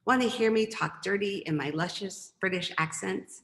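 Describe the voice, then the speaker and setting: A woman's voice: medium pitch, moderate pace, creaky, fairly bright tone, reverberant. A woman poet reading her poems, with chatty, rambling asides between them. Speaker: poet and professor. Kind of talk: poetry reading with casual asides.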